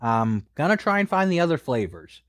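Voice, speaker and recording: A man's voice: on the high side, big pitch swings, normal speed, a bit bright, no room sound. A man casually reviewing a snack, rambling with many fillers and a little out of breath. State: a bit out of breath.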